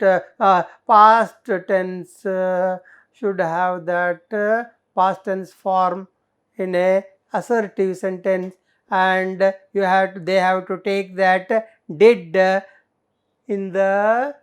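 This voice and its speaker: Slow, patient woman teacher. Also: medium pitch, smooth. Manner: explaining with repeated fillers and rhetorical questions. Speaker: English teacher. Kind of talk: classroom grammar lesson.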